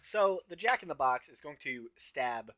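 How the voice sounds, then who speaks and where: Male game master, bright voice, halting delivery full of ums, muffled recording. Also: a little high, expressive. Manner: halting, many ums and restarts. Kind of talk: narrating a tabletop game. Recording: slightly dull, muffled sound.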